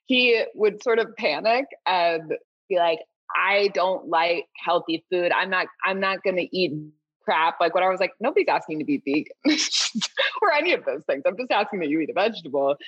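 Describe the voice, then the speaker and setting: A woman's voice: fairly low pitch, slightly rough, no echo. A woman guest telling stories in casual interview chat, in a chatty, self-deprecating way. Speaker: guest, food writer. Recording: dull, dry lo-fi sound.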